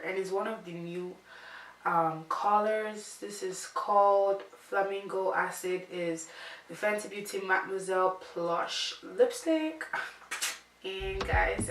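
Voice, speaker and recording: A woman chats playfully through a casual makeup vlog, full of fillers and asides. She talks at an unhurried pace. She sits back from the camera mic in an echoey room with a clear layer of background noise. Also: medium pitch, distant mic. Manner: chatty and playful, with many fillers. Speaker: beauty vlogger.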